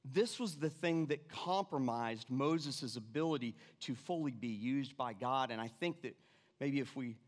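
A man preaching a sermon, animated, repeating his lines and dropping suddenly to quiet. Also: medium pitch, a little slow. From Irish family background. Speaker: pastor. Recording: long reverb of a church hall.

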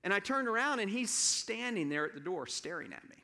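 With a high voice and some vocal fry, this Southern American pastor relates a personal story during his sermon. His manner is relaxed and conversational, broken by halting restarts and remarks aside to the congregation.

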